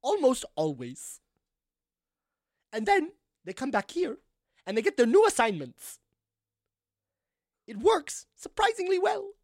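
A prim, over-articulated woman mayor speaks with crisp consonants and a curious accent, as a man puts her on. Her voice sits higher and swings about, recorded close and dry. It sounds like tabletop role-play. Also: wildly swooping pitch, slow pace, pauses often, dry recording, full character voice. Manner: odd put-on accent.

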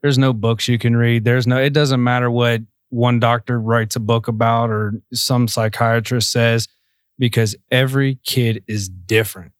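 A man's voice: mid-range voice, fairly even intonation, normal speed, dry recording, clean studio sound. Earnest, reflective man on a podcast. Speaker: podcast co-host. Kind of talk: casual podcast chat.

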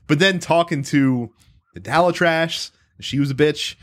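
A man's voice: fairly high pitch, unhurried. Rambling, profane man chatting about games. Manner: rambling, profane, animated storytelling with frequent restarts. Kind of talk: casual gaming chat.

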